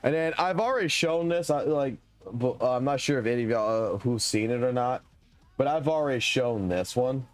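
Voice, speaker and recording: A man's voice: mid-range voice, moderate pace, faint music behind. A young adult man streaming live, telling a long, rambling story in casual chat and swearing heavily. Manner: profane, rambling, heated storytelling.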